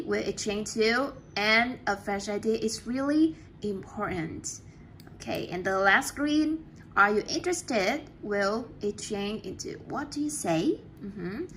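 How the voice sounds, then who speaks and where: Slow, patient woman teacher. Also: mid-range voice, a bit bright, slight background noise. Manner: encouraging, praises answers often. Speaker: English teacher. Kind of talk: classroom teaching.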